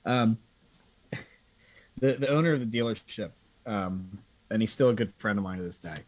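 A man from Pennsylvania, a guest on a live video call talk show, telling animated, profane anecdotes in a casual way. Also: lowish voice, normal speed. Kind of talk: casual storytelling chat.

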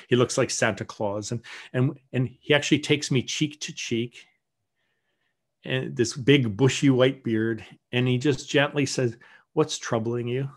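A man of middle pitch gives a sermon in a church, telling a frank personal story. His delivery is candid and conversational. Now and then he drops to a soft, murmured prayer. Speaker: guest teacher.

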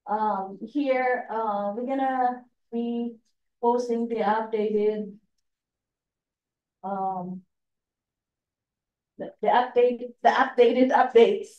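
A woman with a non-native accent presenting at a training session, halting, with many fillers and restarts. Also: fairly high pitch, steady tone, far from the mic, highs cut off. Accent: non-native English accent. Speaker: state education staff trainer. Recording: echoey room, voice from afar.

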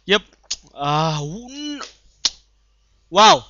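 Excitable young gamer yelling over clicks. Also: male voice, drawn-out words, pauses often, clear, resonant tone. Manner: bursts into excited shouts, then mutters low asides. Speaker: gameplay commentator. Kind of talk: live gameplay commentary. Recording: dull lo-fi home recording.

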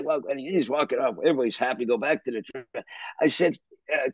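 An older man from Canada telling a rambling story in a husky, breathy voice. He is animated, with restarts and the odd curse. The recording is dry and dull. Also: mid-range voice, fairly quick, dry recording. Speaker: interview guest, musician. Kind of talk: anecdotal storytelling.

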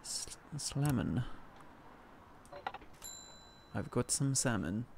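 A man's voice: medium pitch, takes it slowly, creaky, darkish tone, a little hiss or hum. A man from northern England streaming a cooking game, chatting casually, thanking viewers by name and joking about himself. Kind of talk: casual live-stream chat.

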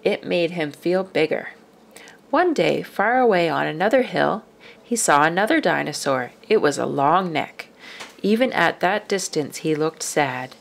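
A woman reading a children's picture book aloud, expressive and dropping to whispers for suspense. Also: sits low, measured pace, gravelly. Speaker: storyteller.

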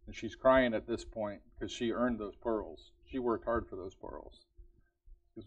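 A man's voice: lowish voice, unhurried, no room sound, muffled recording. Male preacher, conversational sermon, questions to the congregation, dry, slightly distant sound. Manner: earnest, conversational, asks the congregation repeated questions; laughs lightly between points. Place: church service.

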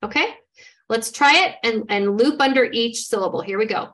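A woman with a slightly high voice leads a reading lesson, sounding out word parts one step at a time. She keeps an encouraging teacher's manner as she models each step for her listeners. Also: moderate pace, a bit bright. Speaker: literacy trainer. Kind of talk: instructional demonstration.

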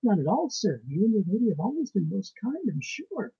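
A man's voice: high-pitched, big pitch swings, brisk, husky, muffled recording, pitched above the performer's own voice, full character voice. A man putting on a stubborn old peasant housekeeper. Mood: evasive. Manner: placid, dignified, rustic grammar. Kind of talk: reading a ghost story aloud.

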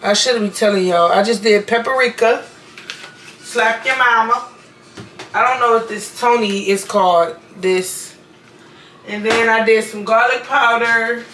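A young woman vlogs while making dinner in her kitchen, talking in a loose, playful way and calling her viewers y'all. Her voice sits fairly high and sounds tired and a little worn. Kitchen and household noise comes through clearly behind her. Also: unhurried, a bit bright, low-quality recording. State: sleepy, voice a bit worn. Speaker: vlogger. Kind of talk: casual cooking vlog. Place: home kitchen.

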